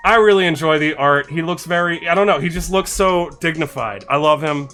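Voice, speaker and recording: With faint music behind him, a man on a live stream cheerfully goes through viewer card suggestions, reading the text quickly and thanking followers. He uses a desk microphone, and his enthusiastic voice is on the high side with a fairly bright tone.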